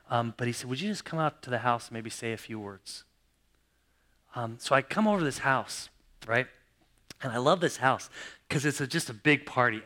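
A middle-aged male pastor with a mid-range voice preaches a sermon, telling stories dramatically and leaping from loud exclamations to hushed, nearly whispered lines.

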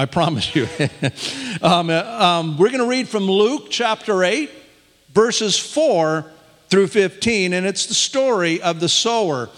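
A man with a high voice preaches to his congregation, moving from a lively personal story into reading scripture aloud. His voice climbs when he gets excited, and it rings out with the long reverb of a church hall.

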